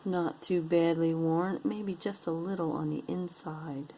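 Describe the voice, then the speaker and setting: A woman's voice: lowish voice, steady tone, a little slow, dark tone, slight background noise, rough recording. A woman casually showing and describing jewelry pieces one by one, with playful sing-song asides. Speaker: jewelry unboxing vlogger. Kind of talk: casual show-and-tell commentary.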